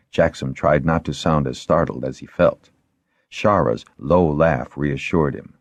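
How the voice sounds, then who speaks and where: Deep-voiced male audiobook narrator. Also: measured pace, darkish tone, dry recording. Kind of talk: scripted narration.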